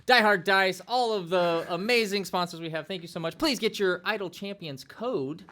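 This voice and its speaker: A man hosting and running a tabletop role-playing game opens the session and jokes his way through the sponsor plugs. His voice is bright and forward, with a loose, offhand manner. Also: high-pitched, moderate pace. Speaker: game master and host. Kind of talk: casual show intro with sponsor reads.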